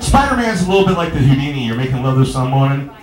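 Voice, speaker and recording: A man's voice: medium pitch, big pitch swings, fast. A man doing a stand-up comedy set in a small bar, telling rambling, stammering stories and bantering with the crowd. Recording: echoey bar room.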